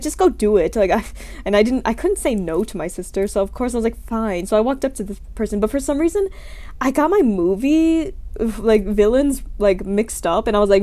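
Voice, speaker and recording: With a slightly high, darkish voice, a young woman streamer talks through scenario questions from her room. Her manner is casual and rambling, giggly and self-deprecating.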